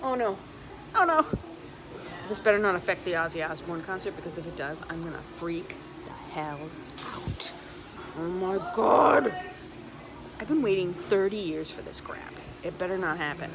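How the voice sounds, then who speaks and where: A woman vlogging on a handheld camera, gushing, swearing and exclaiming with excitement. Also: on the low side, fairly quick, very noisy. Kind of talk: excited travel vlog. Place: hotel room, restaurant, outdoors.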